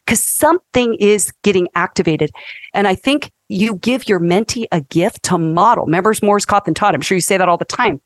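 Animated, emphatic woman counselor, dry sound. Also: mid-range voice, normal speed, no echo. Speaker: counselor and guest speaker. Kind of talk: faith-based podcast interview.

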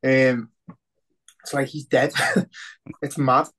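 A man's voice: mid-range voice, little pitch movement, slow pace, a bit bright. A man with a Liverpool accent co-hosting a casual podcast, rambling and emotional, swearing heavily. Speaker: podcast co-host.

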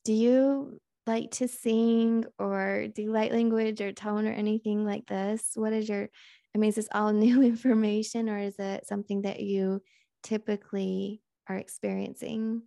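A woman hosting a podcast, leading a guided channeling session in a calm, unhurried, musing way. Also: medium pitch, vocal fry, no echo, studio quality.

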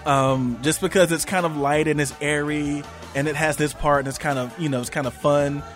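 A man's voice: fairly high pitch, steady tone, moderate pace, faint music behind. A man co-hosting a podcast in casual chat, opinionated and laughing between remarks. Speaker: podcast co-host.

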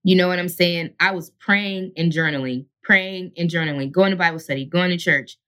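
A woman in her thirties shares her life story as an interview guest. Her voice is bright and ringing, and her delivery is candid and heartfelt, with casual asides to the listener as she goes. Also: lowish voice, fairly quick. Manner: earnest, heartfelt, peppered with "you know what I'm saying". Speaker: actress and singer, guest.

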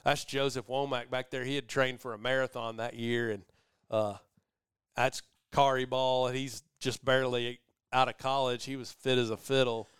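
A man's voice: mid-range voice, normal speed, clear, resonant tone, dry recording, studio quality. A middle-aged man, hosting a podcast and telling a long rambling story in casual chat. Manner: rambling storyteller, animated voices for quoted people. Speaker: podcast host.

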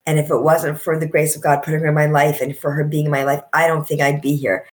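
Low-voiced heartfelt woman guest. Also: little pitch movement. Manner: heartfelt, reflective, slows for emphasis. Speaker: guest, coach and author. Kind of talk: emotional podcast interview.

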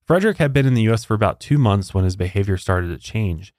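A man's voice: lowish voice, lively intonation, fast talker, darkish tone, no room sound, studio quality. A man hosting a podcast, telling a true-crime story in a casual, conversational way with incredulous asides. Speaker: podcast host.

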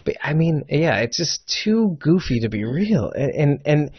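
A man co-hosting a casual show chat, rambling and animated, laughing often. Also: fairly high pitch, a little slow, breathy edge, dry recording, lo-fi sound. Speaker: podcast co-host.

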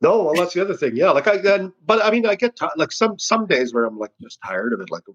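Man, husky voice, sarcastic satirist, rambling and restarting, casual interview, slightly muffled audio. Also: high voice, very animated, quick pace. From Canada. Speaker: satirical news writer.

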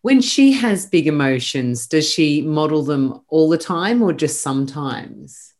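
Low-voiced encouraging woman interviewer. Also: lively intonation, a little slow, a little mellow. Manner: encouraging, affirming. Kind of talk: interview questions.

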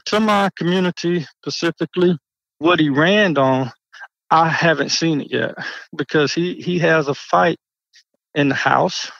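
A gravelly-voiced man talks through a muffled, lo-fi phone line. He answers an interviewer earnestly, stopping and restarting his sentences. The sound is dry and close. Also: fairly high pitch, a bit bright, no room sound. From Georgia, United States. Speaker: county commissioner interviewed by phone.

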